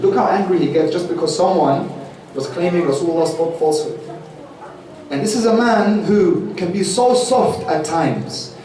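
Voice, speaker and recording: A man's voice: a little high, mellow. A man telling a religious story in a vivid, dramatic way to a youth gathering, recorded in a mosque hall. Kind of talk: sermon storytelling. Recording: echoey hall from far off.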